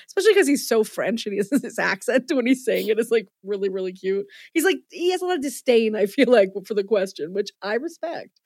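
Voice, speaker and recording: A woman's voice: a little high, animated, fairly quick, a little mellow, slightly rough, no room sound. Enthusiastic woman, dry close sound. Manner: enthusiastic, self-deprecating, rambling restarts. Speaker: podcast co-host. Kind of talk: casual chat.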